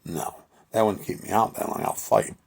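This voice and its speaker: A man with a rough, gravelly voice sitting fairly low in pitch. He rambles in a profane monologue and answers imagined voices as though they were in the room. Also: fairly even intonation, moderate pace. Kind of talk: rambling monologue voicing both sides of an imagined conversation.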